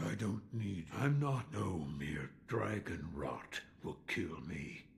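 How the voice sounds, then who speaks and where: An actor playing a gruff, weary old male sculptor who speaks slowly and stubbornly. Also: sits low, sing-song, slight background noise, heavily acted. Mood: defiant. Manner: slow and stubborn.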